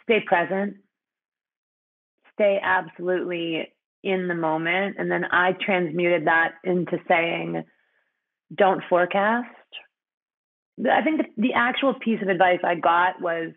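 A woman's voice: on the low side, measured pace, creaky, long pauses, narrow, tinny audio. A woman guest in a conversational interview, speaking frankly with many fillers and frequent laughter.

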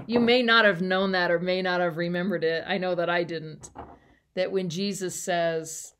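A woman's voice: on the low side, moderate pace, fairly bright tone. A woman pastor giving a short devotional talk and prayer in a conversational, reflective way with light laughter.

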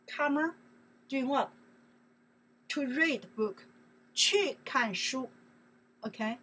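Chinese-accented woman, online language teacher, slow and repetitive, slightly high voice, faint hiss. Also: low-quality recording. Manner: slow, repetitive explaining in simple English, asking "okay?".

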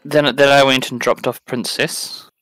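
Dry-witted British man, bright voice. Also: mid-range voice, measured pace, rough recording. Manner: dry, deadpan humour. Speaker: guest co-player. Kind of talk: casual chat while playing a game.

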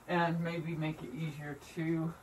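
A woman's voice: low-pitched, flat delivery, measured pace, recorded from a distance. A woman vlogging at home in a casual, rambling way, venting bluntly with lots of swearing. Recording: voice from away from the mic, faint room noise.

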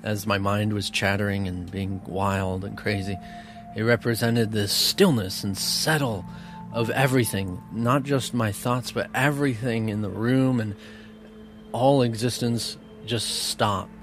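A man giving an earnest, emotional spiritual talk, often laughing softly between thoughts. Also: fairly low pitch, fairly even intonation, measured pace. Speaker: spiritual teacher. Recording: music bed under voice.

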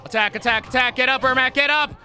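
Streamer, male, very high and bright, loud frustrated gameplay rants. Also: fairly even intonation, quick pace, soft background music. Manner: loud, frustrated, swearing, shouting at the game. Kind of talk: live gameplay commentary.

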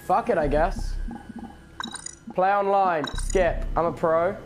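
Excitable man streaming VR games. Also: high-pitched, slow pace, over music. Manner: excitable, rambling, swears a lot. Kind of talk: casual gaming stream chat.

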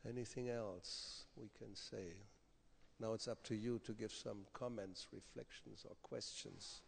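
A man's voice: on the low side, steady tone, unhurried, gravelly, slightly rough. A man teaching a scripture class in a temple hall, explaining with examples and checking in with rhetorical asides. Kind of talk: conversational scripture lecture. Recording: hall reverb.

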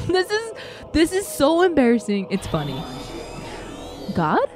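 A young adult woman co-hosting a casual chat, telling a story in an animated way and swearing casually. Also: sits high, takes it slowly, faint music behind. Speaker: co-host. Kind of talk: casual chat while watching a show.

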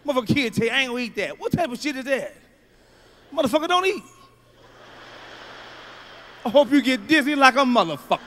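A man doing a loud, profane stand-up comedy routine, telling stories with sudden shouts. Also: very high voice, expressive, a little fast, pauses often.

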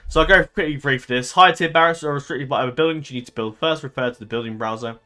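A man's voice: mid-range voice, racing, sharp tone, faint music behind. Rambling man narrating a strategy game. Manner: rambling, full of ums and self-corrections. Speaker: gaming channel host. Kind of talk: casual strategy game commentary.

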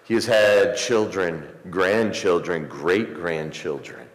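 A man preaching a sermon as pastor, rising into emphatic swells and slowing for pauses. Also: low voice. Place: church sanctuary. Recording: echoey church hall, some distance.

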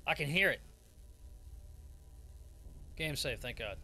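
Excitable, cussing gaming streamer guy. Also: medium pitch, takes it slowly, gravelly. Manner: excitable and profane, laughs often. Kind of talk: horror gameplay commentary.

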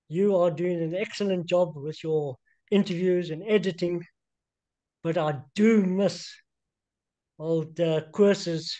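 A man's voice: sits high, dark tone. An older man, a veteran guest, chatting with polite teasing in an interview. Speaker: guest, air force veteran. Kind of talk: casual interview chat.

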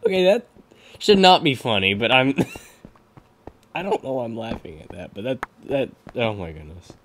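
A young man commentating his own gameplay, excitable, laughing often and talking at his opponents. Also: lowish voice, a little hiss or hum. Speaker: gaming commentator.

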